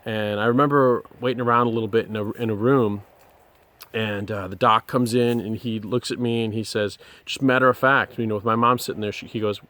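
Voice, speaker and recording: A man sharing a personal testimony, speaking earnestly and haltingly with many pauses and restarts. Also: on the low side, steady tone, fairly bright tone.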